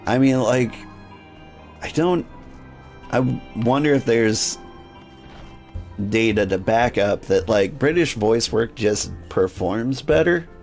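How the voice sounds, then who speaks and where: A man's voice: mid-range voice, expressive, takes it slowly, long pauses, a little mellow, faint music behind. A man giving casual, rambling game commentary as a streamer. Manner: rambling, with fillers and restarts.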